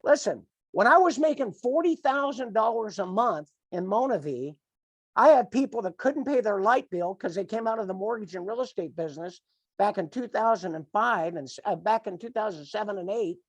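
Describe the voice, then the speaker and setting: A man's voice: sits high, animated, moderate pace, dry recording, highs cut off. A middle-aged man giving an emphatic, repetitive, fired-up motivational coaching talk to his team on a call. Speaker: team leader.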